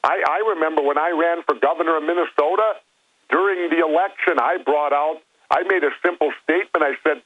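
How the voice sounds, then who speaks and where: A man's voice: on the high side, brisk, no room sound. An older man, a guest calling in, telling stories and arguing bluntly in a phone interview. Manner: blunt, storytelling. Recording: tinny phone line.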